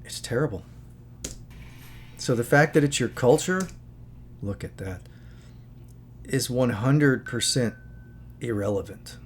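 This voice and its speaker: A man's voice: medium pitch, animated, takes it slowly, pauses often, slight background noise. A man talking in a casual, earnest commentary, moralizing and rambling with many asides as he hosts his own channel. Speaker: channel host.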